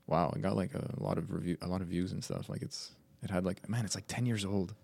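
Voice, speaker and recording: A man with a very low voice talks loosely on a podcast, swearing and joking at his own expense. The sound is close and dry, with no room around it. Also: steady tone, fast, creaky, darkish tone, no room sound. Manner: loose, swearing, self-mocking. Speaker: podcast co-host. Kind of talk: casual podcast chat.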